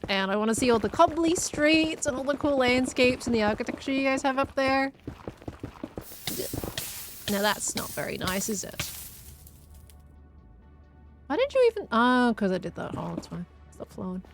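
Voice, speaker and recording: A woman's voice: high-pitched, big pitch swings, normal speed, pauses often, faint music behind. An Australian woman from Victoria chatting casually on a gaming live stream, laughing often and answering chat as she plays.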